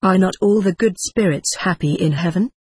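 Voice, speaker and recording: Audiobook: gentle young girl, soft pleading questions, breathy, dry sound voiced by the reader. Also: mid-range voice, moderate pace, dry recording. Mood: tender. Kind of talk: audiobook reading.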